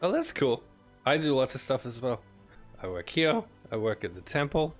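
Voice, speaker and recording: A man's voice: medium pitch, big pitch swings, moderate pace, soft background music, pitched above the performer's own voice, close to an everyday voice. A man voicing a blunt, sweary young female gnome in a tabletop game. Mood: chatty.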